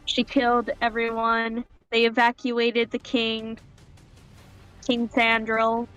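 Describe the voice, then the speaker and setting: A woman playing in a tabletop game over a call, slowly and evenly recapping the last session. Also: a little high, monotone, a bit bright, smooth, highs cut off, soft background music. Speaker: player. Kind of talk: casual game chat.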